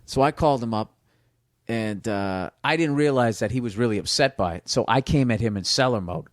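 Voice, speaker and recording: A man telling a long story in a casual podcast chat, rambling and profane, dropping into quick impressions of other people. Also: mid-range voice, no room sound, clean studio sound. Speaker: comedian guest. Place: small home studio.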